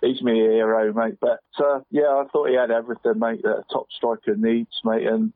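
A man's voice: medium pitch, flat delivery, normal speed, dry recording. A man in his forties on a radio show, chatting casually and rambling about football, dropping "mate" into nearly every sentence. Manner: rambling, says "mate" constantly. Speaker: football pundit guest. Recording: dry, tinny phone line.

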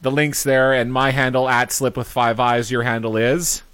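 Chill dude on a podcast, mid voice, trails off at the ends, dry close sound. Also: male voice, medium pitch, level tone, moderate pace, a bit bright, clear, resonant tone, no echo. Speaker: podcast co-host. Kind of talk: casual chat.

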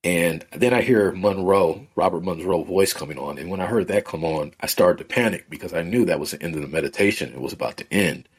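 A man, a podcast guest, telling a personal story in a relaxed, rambling way with many fillers. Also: low voice, a little fast, hardly any pauses, husky. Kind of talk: casual conversational storytelling.

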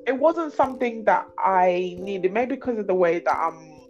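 A woman, a podcast guest telling a dramatic personal story in lively casual chat, laughing often. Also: medium pitch, moderate pace, lo-fi sound, soft background music. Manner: animated storytelling, laughs often, acts out others' voices.

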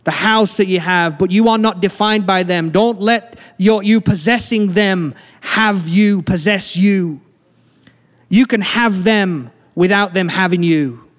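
A man preaching a sermon as pastor, earnest and slowing down to stress key lines. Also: high voice. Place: church sanctuary. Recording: long church hall reverb.

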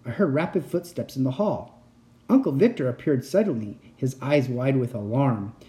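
A man reading a spooky children's chapter book aloud as narrator. His delivery is steady and expressive, with a lively, rising and falling pitch and a dark, mellow tone. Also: moderate pace. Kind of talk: storybook reading.

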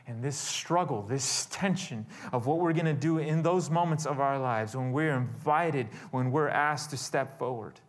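A man preaching a storytelling sermon as a pastor, animated and swinging from loud to hushed. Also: medium pitch.

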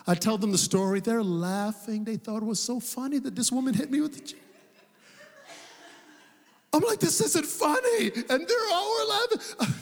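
A male pastor preaching a sermon, telling a personal story with animated delivery and laughing at his own tale. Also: high-pitched, big-room sound. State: sweating.

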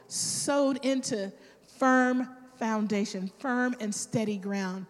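A woman preaching a sermon, telling a personal story with animated quoted voices. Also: fairly high pitch, big-room sound.

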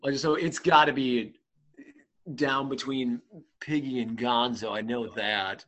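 A man's voice: medium pitch, steady tone, slow pace, fairly bright tone, muffled recording. A man playing a trivia quiz, thinking aloud hesitantly before he answers. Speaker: quiz contestant. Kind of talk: casual chat.

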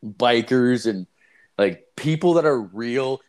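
A man's voice: mid-range voice, slow. A young man from Canada telling a rambling, profane story in casual chat, quoting others as he goes. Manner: rambling, profane, animated retelling with quoted voices.

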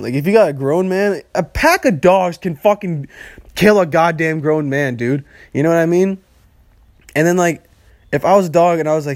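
A man's voice: a little high, brisk, no room sound, studio quality. A young man hosting a solo podcast, rambling and swearing freely and laughing at his own jokes. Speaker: podcast host. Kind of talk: casual solo podcast rant.

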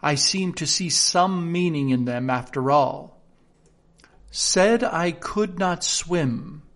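A pompous, self-satisfied card king , played by a man reading a storybook, fusses over every point. He speaks loud and emphatic, a touch above the reader's own voice. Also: a little high, expressive, slow pace, heavily acted. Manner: pompous, fussy.

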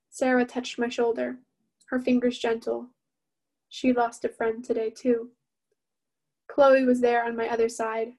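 A woman reading her own novel aloud in the first person, steady and even-toned. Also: fairly high pitch.

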